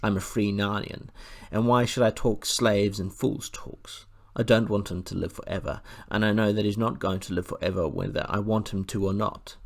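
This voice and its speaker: A man reading aloud and voicing a proud, commanding male war horse, speaking slowly and sternly. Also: on the low side, gravelly. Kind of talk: audiobook character voice.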